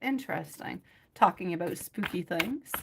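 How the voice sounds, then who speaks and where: A woman's voice: on the low side, lively intonation, moderate pace, gravelly, heavy background noise. A woman reading tarot live for her viewers, rambling and chatty, laughing often and calling people by pet names like sweetie and my love. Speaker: tarot reader.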